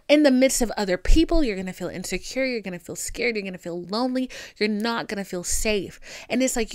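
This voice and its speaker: A woman with a Southern country accent, hosting a podcast and giving candid advice in an animated, sassy way with lots of emphatic repetition. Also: on the high side, no echo. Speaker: podcast host.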